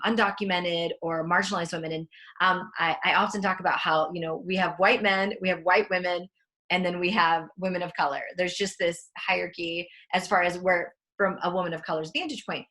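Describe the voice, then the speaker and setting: A woman interviewing a guest in a measured, earnest way, with frequent fillers. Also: fairly low pitch, a bit bright. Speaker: interviewer, author. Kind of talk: conversational interview.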